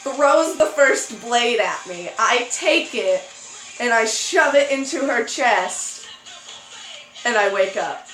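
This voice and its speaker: A young woman with a somewhat high voice tells a story in a casual vlog chat. She is animated and jumps into squeaky voices for quoted lines. The room sounds echoey, with faint music under her. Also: takes it slowly. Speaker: vlogger.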